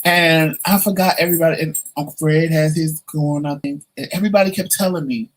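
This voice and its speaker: A man's voice: on the high side, moderate pace, rough recording. A man telling a personal story to the camera in a casual, chatty way, acting out the voices of the people in it. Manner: chatty, animated, acts out quoted voices. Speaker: vlogger.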